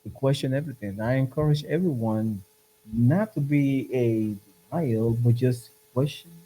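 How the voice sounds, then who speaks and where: A man's voice: mid-range voice, moderate pace, mellow, poor audio. A man hosting a podcast in casual chat, earnest and urging, often repeating his points. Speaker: podcast host.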